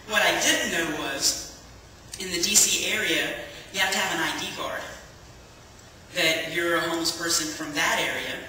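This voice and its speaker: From far off in an echoey hall with slight background noise, a man with a highish, bright, forceful voice speaks at a moderate pace. He gives a chatty personal testimony to a church congregation, telling his story with plenty of fillers.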